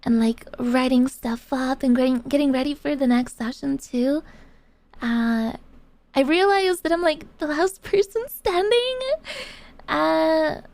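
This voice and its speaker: A young female VTuber chats casually with her viewers in a high-pitched, darkish voice, talking a little slowly. She swears a lot, drops gamer slang, and swings between giggling and ranting, all on a dry recording.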